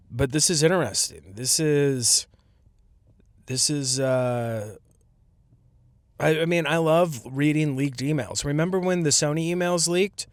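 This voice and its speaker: A man hosting his own podcast, chatting alone in a loose, joking way at a medium pitch. He rambles, trails off and restarts his sentences as he goes. The recording is dry and close, with no room sound. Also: no echo. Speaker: podcast host. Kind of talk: casual solo commentary.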